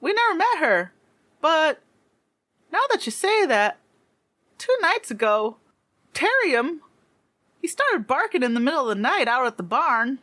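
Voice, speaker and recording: A woman voicing excited young alien farm kids who gush and squeal over their visitors. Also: high voice, a little slow, long pauses, no room sound, pitched above the performer's own voice, exaggerated voice. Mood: earnest. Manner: squealing, wide-eyed, gushing.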